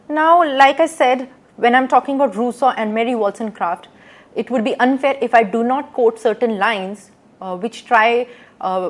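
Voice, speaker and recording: A woman lecturing to students, reading out quotations and explaining them with rhetorical questions and frequent pauses. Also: fairly high pitch. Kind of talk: recorded lecture.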